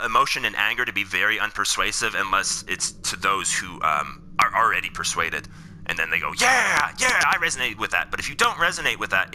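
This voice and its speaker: A man's voice: sits low, sharp tone, slight background noise. A man giving heated, profane commentary straight to his viewers while playing a game. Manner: heated, swears, talks to the audience directly. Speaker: political commentator. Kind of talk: ranting commentary while gaming.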